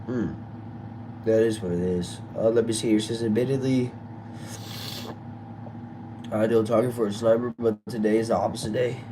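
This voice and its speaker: With background noise around him, a streamer talks at normal speed in a fairly low, fairly even voice, pausing often. He reads comments aloud and chats loosely with viewers, using slang like y'all and bro, in a casual live session.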